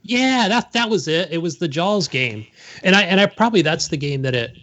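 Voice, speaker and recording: A man's voice: a little high, animated, normal speed, sharp tone. An older man co-hosting a gaming podcast, chatting in a loose, rambling, self-deprecating way. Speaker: podcast co-host. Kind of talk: casual chat. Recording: dull lo-fi mic.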